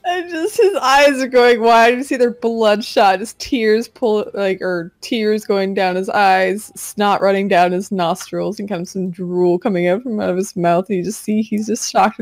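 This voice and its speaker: A woman running a tabletop pirate game, narrating casually with halting pauses. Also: medium pitch, steady tone, no echo. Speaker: game master.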